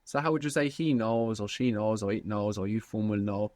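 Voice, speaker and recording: Male teacher, low-pitched, patient questioning, dry close sound. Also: fairly quick, a little mellow, dry recording. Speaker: language teacher. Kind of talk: guided language lesson.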